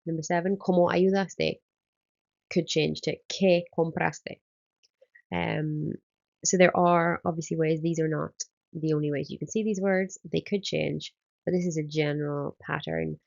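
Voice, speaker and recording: A woman's voice: low voice, fairly even intonation, measured pace, gravelly, darkish tone, highs cut off. A woman, a Spanish teacher, explaining exam answers step by step in a recorded lesson and often starting with um.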